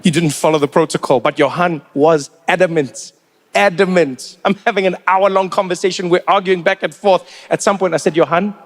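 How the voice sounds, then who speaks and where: A South African man doing stand-up, his voice sitting high. He tells stories with lively energy and slips into other people's voices along the way. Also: fairly quick. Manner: animated storytelling, acts out other people's voices. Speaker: stand-up comedian. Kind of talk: stand-up comedy.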